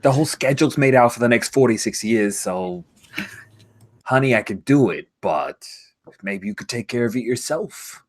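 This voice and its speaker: A man's voice: low voice, expressive, a little fast, hardly any pauses. A man voicing the god of the dead as a breezy, put-upon mafia boss in a tabletop game. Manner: breezy, put-upon, drawling mob talk. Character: god of the dead as a smooth mafia boss, male, middle-aged.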